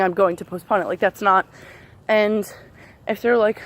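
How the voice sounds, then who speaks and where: A woman's voice: medium pitch, steady tone, moderate pace. A woman in her twenties angrily venting in a casual vlog, swearing a lot while walking outdoors among trees. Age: 20s. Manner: angry, profane, venting. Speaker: vlogger.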